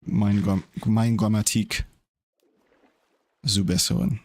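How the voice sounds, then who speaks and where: A man's voice: lowish voice, steady tone, slow pace, a little mellow, no echo. A young man casually chatting while streaming a game, rambling and laid-back. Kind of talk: casual gaming stream chat.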